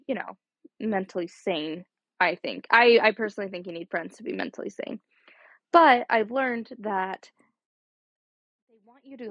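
On her laid-back solo podcast, a young woman in college chats and rambles, leaning heavily on "like." She has a husky, mid-range voice with vocal fry, captured in a dry, lo-fi recording.

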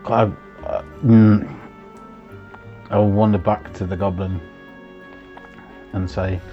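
Male tabletop player, low voice, casual, swears. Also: fairly even intonation, slow, lo-fi sound, soft background music.

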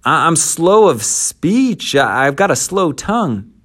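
A man acting out a nervous, reluctant prophet in a lively scripture retelling. The voice climbs high and thin, and he stammers and pleads his way through every excuse. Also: slow, exaggerated voice. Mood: protesting. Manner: stammering, protesting. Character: whiny reluctant male prophet, hesitant and panicky.

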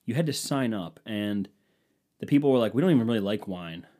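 Young American male podcast host, lowish voice, casual profane storyteller who acts out the exchanges. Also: expressive, a little fast, warm tone. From United States. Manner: rambling, profane, jokey, acts out quoted exchanges.

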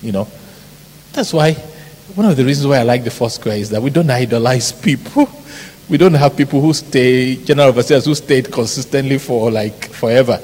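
A middle-aged Nigerian man from Ibadan with a Nigerian accent, a pastor preaching an animated sermon full of stories, mimicked shouts and laughter. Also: mid-range voice, a little fast, breathy edge. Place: large church hall. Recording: hall reverb, faint background noise.

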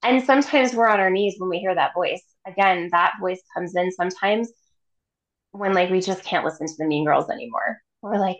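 A woman's voice: lowish voice, normal speed, gravelly, low-quality recording. Chatty woman acting out quotes. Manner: animated, quotes imagined voices, laughs often. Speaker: podcast guest, chakra teacher. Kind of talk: casual chat.

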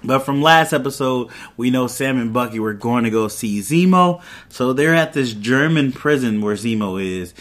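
A man in a mid-pitched voice recapping a show episode for his podcast. He talks in a loose, conversational way, drifting into asides and side comments as he goes. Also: animated, normal speed, fairly bright tone. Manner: loose, chatty retelling with asides and laughs. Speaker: podcast host.

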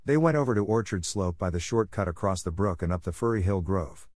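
A man reading a classic novel aloud in measured, expressive scripted narration. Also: low voice, no room sound. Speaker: audiobook reader.

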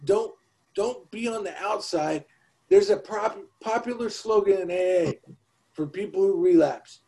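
A man's voice: high-pitched, a little slow, creaky, mellow, slight background noise, low-quality recording. A man co-hosting a casual recovery podcast, talking in an emphatic, preachy way with casual swearing. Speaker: podcast co-host.

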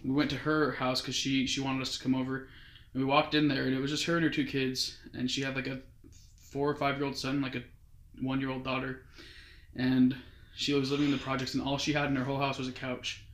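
Fast-talking young man, roomy sound. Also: medium pitch, monotone, fairly bright tone. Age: young adult. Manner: rambling, quotes others with "he's like". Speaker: guest recounting his mission. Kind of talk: casual storytelling. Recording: roomy echo.

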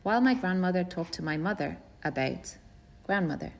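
A woman reading a first-person novel aloud in a plain, measured storytelling voice. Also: fairly low pitch, expressive, darkish tone. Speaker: audiobook reader.

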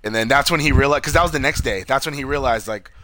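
A man's voice: mid-range voice, quick pace, sharp tone, dry recording. A man co-hosting a casual movie review chat, loosely retelling scenes, swearing often and acting out quotes. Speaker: podcast co-host.

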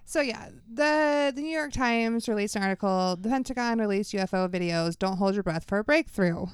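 A woman co-hosting a casual podcast reads news stories aloud, breaking them up with "uh" and "you know". Her voice is smooth and clear at a middle pitch. The sound is dry and close. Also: animated, a little fast, dry recording. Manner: reads news articles aloud with fillers and laughs. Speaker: podcast co-host.

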